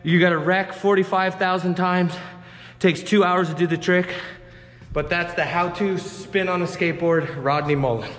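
A man's voice: sits high, steady tone, normal speed, a bit bright. A man casually talking through a skateboard trick in an indoor skate park, frustrated and swearing often. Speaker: skateboarding vlogger. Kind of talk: casual tutorial vlog. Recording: echoey hall with long reverb, faint noise.

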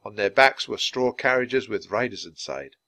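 Male storybook reader, clear and animated. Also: on the low side, normal speed, dry recording. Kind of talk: reading a children's book aloud.

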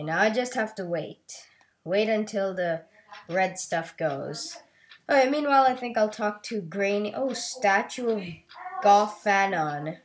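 A woman hosting a let's play, giving excitable, chatty and playful gameplay commentary. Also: mid-range voice. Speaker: gaming video host.

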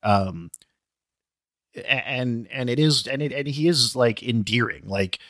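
Bright-voiced man, dry close sound. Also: medium pitch, a little slow, no echo. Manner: stammering restarts, digressive, apologetic asides. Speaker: podcast co-host. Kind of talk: casual podcast discussion.

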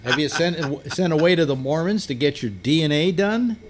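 Halting, rambling male talk host. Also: a little high, animated. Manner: rambling and halting, many restarts; playful, teases callers. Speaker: radio talk show host. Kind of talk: casual call-in chat.

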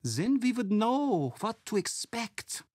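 A woman voicing a grave, weary castle resident in a video game, answering slowly and solemnly. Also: a little high, big pitch swings, darkish tone, slightly rough, no echo, clean studio sound, full character voice. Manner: slow, solemn replies.

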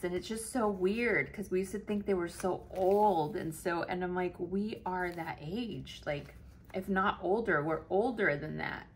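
A woman's voice: lowish voice, moderate pace, a little hiss or hum. Chatty woman in her late forties. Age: 40s. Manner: chatty, giggly, self-mocking storytelling. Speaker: planner vlogger. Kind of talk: casual chat to camera while planning.

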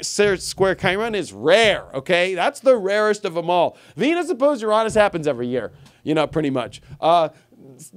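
Animated rambling man astrologer. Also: sits high. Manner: animated, rambling, full of fillers like "you know" and "okay". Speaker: astrologer host. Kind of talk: livestream talk.

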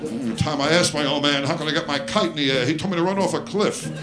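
Exasperated stand-up comic with a band. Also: male voice, fairly high pitch, fast, music in the background. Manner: self-deprecating one-liners, exasperated. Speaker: stand-up comedian. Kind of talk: stand-up comedy routine. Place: stage before a live audience. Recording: live show with band and audience laughter.

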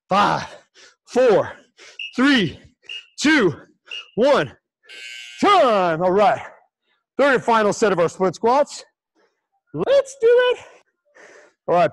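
A man's voice: high voice, dry recording, poor audio. A man coaching a livestream workout, breathless and encouraging, counting down reps. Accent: American. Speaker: fitness coach.

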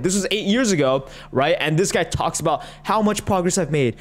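A man with a fairly high voice rants through a reaction commentary. He is mocking and exasperated, and he swears freely. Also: lively intonation, normal speed, few pauses. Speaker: online commentator.

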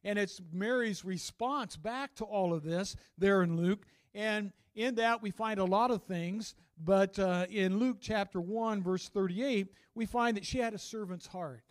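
A man preaches to his church in a folksy, animated way, breaking into stories and asides. His voice sits high for a man. The sound is dry and close, with little room echo. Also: unhurried, hardly any pauses. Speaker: pastor. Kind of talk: sermon.

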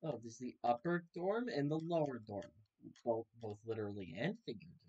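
A young man hosting a gaming video gives casual let's-play commentary, joking and reacting aloud to what happens on screen. His medium-pitched, dark voice is animated and brisk, though the audio sounds dull.

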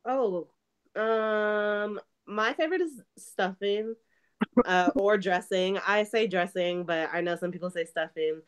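A woman's voice: medium pitch, measured pace, clear, resonant tone. Cheeky, enthusiastic podcast co-host woman. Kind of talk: casual chat.

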